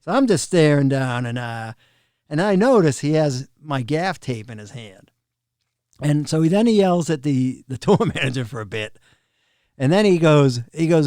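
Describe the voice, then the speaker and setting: A middle-aged man, a drum tech, casually telling backstage stories on a podcast, animated and often laughing. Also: on the high side, normal speed, no echo, clean studio sound. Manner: animated, laughs often, acts out quoted people. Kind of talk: casual storytelling of road anecdotes.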